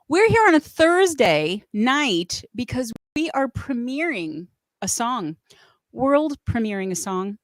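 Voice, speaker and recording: A woman's voice: a little high, no room sound. A woman hosting a casual livestream, chatting in a playful, joking way. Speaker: host.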